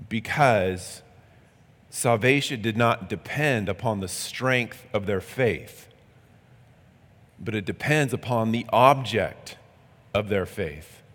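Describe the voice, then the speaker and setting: A man's voice: lowish voice, a bit bright, long reverb tail. A male pastor preaching a sermon in a conversational, earnest way.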